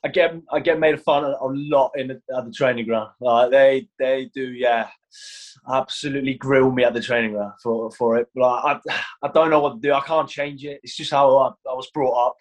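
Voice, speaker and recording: Talking a little fast in a steady, medium-pitched tone, a young adult goalkeeper from Iceland chats through a casual interview. His English leans toward a London accent, and he laughs while acting out quotes.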